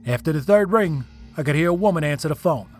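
A man narrates a tense first-person tale in a somewhat high voice, reading with dramatic feeling. Soft music plays faintly beneath him. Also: animated, quick pace.

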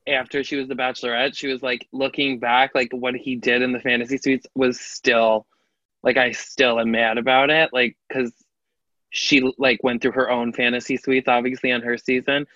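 Gossipy woman cohost, bright punchy voice, kinda dull dry recording. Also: a bass voice, flat delivery, normal speed, dry recording. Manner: gossipy, acts out quotes. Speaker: podcast co-host. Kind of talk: casual chat. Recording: dry, slightly dull sound.

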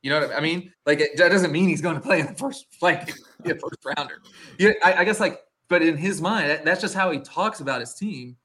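A man's voice: fairly high pitch, fairly quick, pushed and bright, a little hiss or hum. A man co-hosting a sports podcast in casual chat, rambling with lots of "like" and restarts. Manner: rambling, heavy use of "like", restarts mid-sentence. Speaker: podcast co-host.

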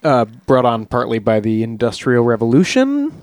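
Male podcast co-host, gravelly, wry asides, dry close sound. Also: medium pitch, huge pitch swings, darkish tone, no echo. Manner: wry, quick jokey asides. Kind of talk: casual podcast banter.

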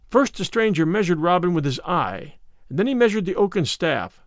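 Expressive male storybook narrator. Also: high voice, moderate pace, no echo, clean studio sound. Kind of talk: scripted narration of a classic tale.

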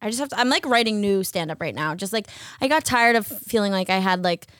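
A woman's voice: mid-range voice, animated, fast, a bit bright, no echo, studio quality. A woman comedian in her thirties chatting casually as a podcast guest, trailing off and swearing freely. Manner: laughs a lot, swears, trails off.

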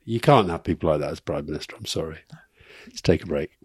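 A man's voice: extremely low pitch, fast talker, husky, no echo, clean studio sound. A middle-aged man co-hosting a live podcast, rambling through anecdotes and chuckling at his own stories. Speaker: podcast co-host.

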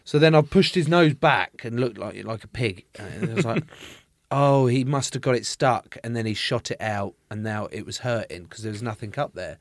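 An English man in his thirties hosting a podcast, telling a story in lively, sweary, casual chat. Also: fairly low pitch, normal speed, hardly any pauses, no echo, clean studio sound. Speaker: podcast host.

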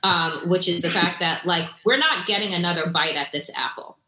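Blunt woman with a bright, echoey voice. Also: fairly low pitch, a little fast. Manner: earnest and blunt, restates for emphasis. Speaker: panel guest. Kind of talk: political podcast discussion. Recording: echoey room.

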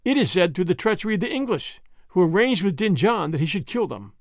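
A gentle young woman in mourning tells her story quietly and earnestly, as a man reading an audiobook gives her voice. The voice sits high and bright. The recording is close and dry. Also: big pitch swings, brisk, no room sound.

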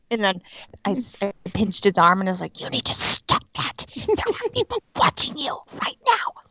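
A woman co-hosting a casual podcast, talking in a lively, expressive way and laughing easily. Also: medium pitch, normal speed, husky. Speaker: podcast co-host. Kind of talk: casual chat.

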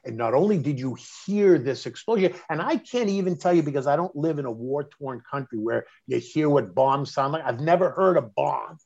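A middle-aged man, telling a personal story in conversation, animated and emphatic, often restarting mid-phrase. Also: fairly high pitch, normal speed, hardly any pauses. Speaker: interview guest recounting a personal story. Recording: dull lo-fi sound.

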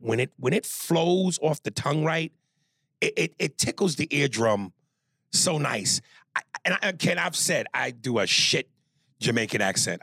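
A man's voice: medium pitch, gravelly, a bit bright, slightly rough, no room sound, clean studio sound. A man co-hosting a podcast, trading crude jokes in casual chat. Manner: crude, joking banter. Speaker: podcast co-host.

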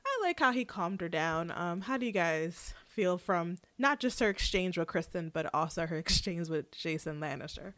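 Female podcast host; animated, slangy recap delivery; dry, close recording. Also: lowish voice, moderate pace, hardly any pauses, no echo. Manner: chatty, animated retelling with slang. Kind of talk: casual episode recap.

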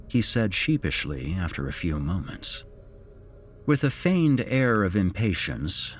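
A man hosting a podcast, reading a horror story aloud in an expressive, measured storytelling manner. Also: low-pitched. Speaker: podcast host and narrator. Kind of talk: scripted horror story narration.

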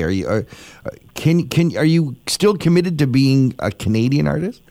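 A man hosting a radio interview, asking long questions in a halting way as he searches for words. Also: fairly high pitch, expressive, darkish tone, no room sound.

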